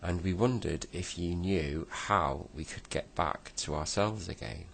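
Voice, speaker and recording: A man voicing a sweet, pretty female doll in a high doll's voice, polite and gentle. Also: unhurried, vocal fry, a little hiss or hum, exaggerated voice.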